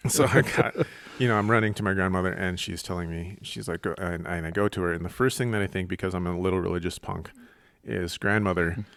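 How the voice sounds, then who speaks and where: A man from Colorado spins a comic tale with his very deep voice, lively and self-mocking. The recording is close and dry, with no room sound. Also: brisk, creaky, no room sound. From Colorado, USA. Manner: animated, self-mocking storyteller. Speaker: guest comedian. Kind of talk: casual podcast storytelling.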